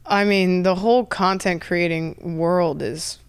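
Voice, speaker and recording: A woman's voice: on the low side, fairly even intonation, unhurried, smooth. A woman guest on a podcast in loose, casual chat, swearing freely and saying "like" often.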